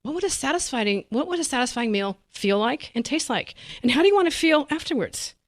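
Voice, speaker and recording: Middle-aged woman dietitian, fast and animated podcast guest, dry close mic. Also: high-pitched, no room sound. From United States. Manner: animated, laughs often, acts out patients' voices. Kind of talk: podcast interview.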